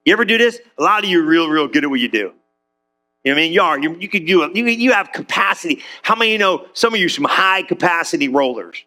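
A middle-aged man preaching a sermon as pastor, conversational and animated, acting out quotes in little voices. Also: on the high side, fast talker.

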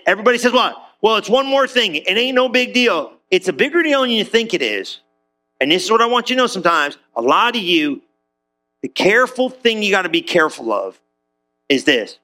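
A middle-aged man preaching a sermon as pastor, conversational and animated, acting out quotes in little voices. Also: high voice, a little fast.

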